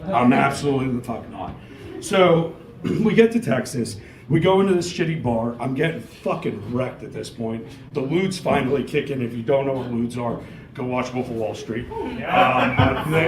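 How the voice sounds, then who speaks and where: A middle-aged man works a live comedy stage, rambling through crude stories full of swearing. His voice sits at an ordinary middle pitch. The room around him is echoey, with faint ambience underneath. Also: expressive, normal speed, noisy background. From New York. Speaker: stand-up comic. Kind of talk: stand-up comedy set.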